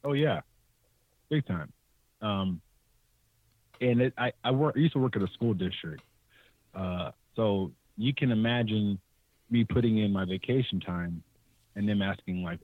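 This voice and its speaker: A young man from California tells stories in a casual, animated way, laughing often and pitching up to quote people. His voice sits low. It comes through a thin, phone-like call line with no room sound. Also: measured pace, pauses often, no room sound. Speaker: podcast guest, hunter. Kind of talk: casual storytelling. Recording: tinny, dry remote call audio.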